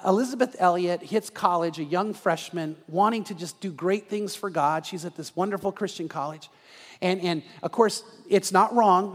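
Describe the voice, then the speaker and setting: A male pastor preaching a sermon, telling a story and often restarting words, dropping low and soft at tender moments. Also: long reverb tail. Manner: repeats words when restarting. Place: church sanctuary.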